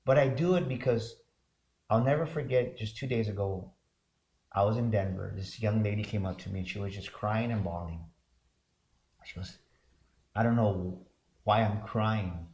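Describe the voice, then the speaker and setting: A man's voice: lowish voice, a little slow, vocal fry, pauses often, a little mellow. A man co-hosting a motivational talk show, speaking fervently with repeated, preacher-like build-ups. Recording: roomy echo.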